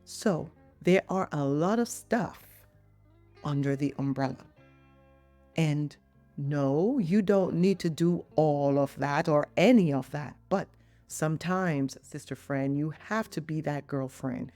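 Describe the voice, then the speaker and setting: A woman's voice: low voice, slow, dark tone, soft background music. A middle-aged woman hosting a podcast, chatting in a playful way with teasing asides to the listener. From Jamaica. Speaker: podcast host and physician.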